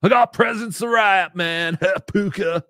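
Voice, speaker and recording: A man's voice: high voice, measured pace, bright, forceful tone, no room sound, studio quality, pitched above the performer's own voice, full character voice. A man doing an impression of a dim, laid-back surfer-dude man who drawls with lots of "like" and "uh" fillers.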